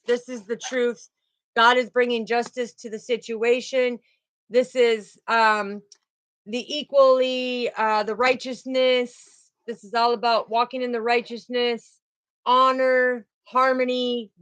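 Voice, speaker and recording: A woman's voice: on the high side, fairly bright tone, dry recording. A woman giving an emphatic spiritual tarot reading and repeating her key phrases. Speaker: tarot card reader.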